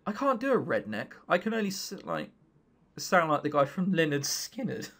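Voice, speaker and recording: A man's voice: on the high side, wildly swooping pitch, normal speed, a bit bright. A man in his twenties with an English accent, reading a visual novel aloud and making joking, rambling asides. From England. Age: 20s. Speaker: let's play host.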